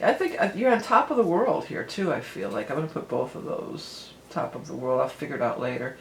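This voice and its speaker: A woman's voice: low voice, big pitch swings, fairly quick, creaky. A woman giving a casual tarot reading, chatty and rambling, with frequent small laughs and digressions. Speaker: tarot reader. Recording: echoey room, faint background noise.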